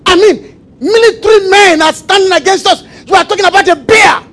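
A man preaching a sermon, repeating phrases and calling for the congregation to answer, shifting between shouts and quiet asides. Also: very high voice, fairly quick, some chatter behind, poor audio. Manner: emphatic call-and-response preaching with repetition.

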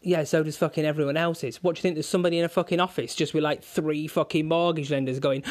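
Man, fired-up profane rant, slightly high voice, nonstop swearing and insult strings. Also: fairly even intonation, fast, hardly any pauses. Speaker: vlogger.

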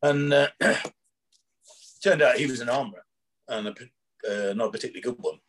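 Husky man telling rambling stories. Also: mid-range voice, a little fast, a bit bright. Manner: rambling anecdotes with quoted dialogue and chuckles. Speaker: former prison officer telling stories. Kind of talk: casual storytelling chat.

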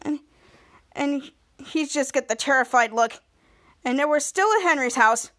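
A woman's voice: sits high, a little slow, a bit bright. A woman podcast host casually recapping a TV episode, retelling the plot with chatty "he's like" quoting.

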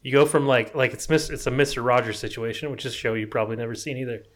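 A man's voice: mid-range voice, fairly even intonation, quick pace. A young man co-hosting a podcast, teasing his partner in rambling casual chat full of fillers. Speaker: podcast co-host.

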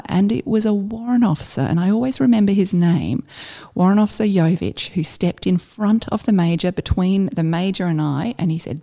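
A middle-aged woman, a former army officer, telling a story in casual conversation, halting and full of fillers. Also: fairly low pitch, lively intonation, gravelly, warm tone. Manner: halting, with many fillers and restarts.

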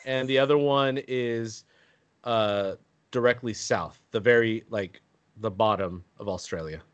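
A man's voice: on the low side, a little slow, no echo, muffled recording. Easygoing man in dry podcast chat. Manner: easygoing, laughs a lot, plays along. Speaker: podcast co-host. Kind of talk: casual chat.

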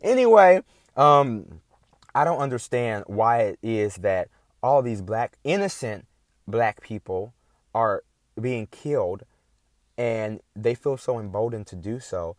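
A man's voice: mid-range voice, darkish tone, dry recording, studio quality. A man in a casual, heated monologue, talking in a profane, emphatic and indignant way.

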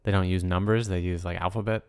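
Deep, smooth-voiced man co-hosting. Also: steady tone, fast, a little mellow. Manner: wry, joking banter. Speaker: podcast co-host. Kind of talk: casual chat.

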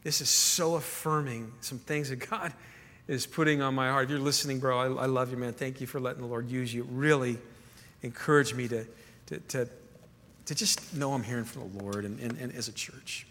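A man's voice: medium pitch, fairly even intonation, fairly quick, fairly bright tone. A man preaching a sermon as pastor, earnest, often repeating words as he builds a point. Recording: echoey hall reverb.

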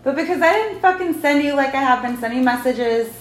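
Profane, animated woman podcast host. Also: high voice, brisk, a little hiss or hum. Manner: profane, venting, animated storytelling. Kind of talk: casual podcast chat. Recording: echoey room.

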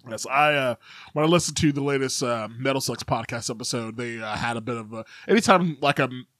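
A man co-hosting a podcast, talking in a halting, filler-heavy casual way. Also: medium pitch, a bit bright, dry recording. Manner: hesitant, lots of uh and like fillers. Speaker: podcast co-host. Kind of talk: casual chat.

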